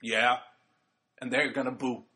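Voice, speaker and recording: A man putting on a smug male wrestling villain with a Southern-ish drawl, talking lower than his own voice. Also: level tone, measured pace, sharp tone. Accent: Southern-ish put-on.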